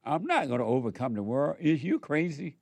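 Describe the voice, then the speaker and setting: A man's voice: on the high side, very animated, fairly quick, vocal fry, darkish tone, no room sound, full character voice. A man voicing a proud rich young man who scoffs at giving up his wealth. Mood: scoffing. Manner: scoffing, dismissive.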